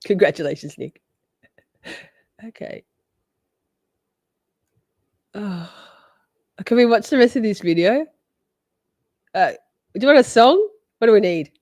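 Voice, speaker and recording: A woman's voice: medium pitch, a little mellow, dry recording, clean studio sound. A woman in her forties hosting a casual livestream, teasing her chat and swearing freely. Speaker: livestream host.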